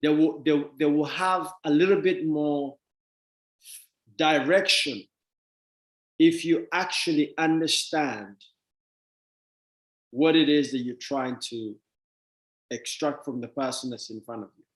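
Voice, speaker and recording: A man giving a motivational talk to an audience, emphatic and repetitive, swinging between loud and soft. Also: a little high, slow, long pauses. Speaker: motivational speaker. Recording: echoey room.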